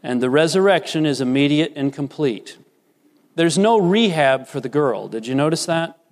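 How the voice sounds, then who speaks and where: A man preaching a sermon as a pastor, swinging from loud, rising emphasis to hushed, low asides. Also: lively intonation, moderate pace. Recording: reverberant hall.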